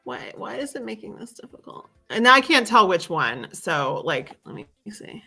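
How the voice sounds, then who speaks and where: A woman's voice: medium pitch, sing-song, moderate pace, vocal fry, pushed and bright, husky. A woman hosting a livestream in casual chat, chatty and self-deprecating, laughing often. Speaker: livestream host.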